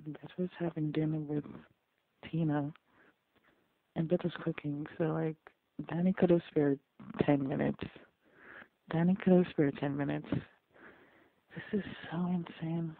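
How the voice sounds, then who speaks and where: Gravelly-voiced man reacting over a phone-like line. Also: on the high side, measured pace, pauses often. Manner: animated, exclaiming, repeats phrases. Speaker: reaction video host. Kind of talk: live audio reaction commentary. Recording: phone-like dry audio.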